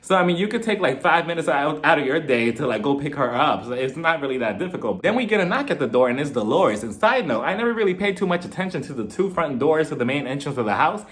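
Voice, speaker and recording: A man giving a casual, sarcastic recap of a reality TV episode, animated and quick to laugh. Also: a little high. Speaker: TV recap reviewer.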